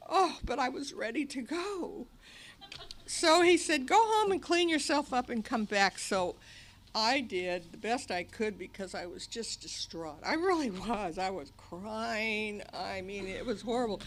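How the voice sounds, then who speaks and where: A bright, clear-toned woman with a fairly high voice tells her recovery story to a live audience. She talks animatedly, acting out her past cries and other people's lines. A faint hiss of room noise sits under the archival live recording. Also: animated, measured pace. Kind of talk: personal recovery talk to an audience. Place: meeting hall.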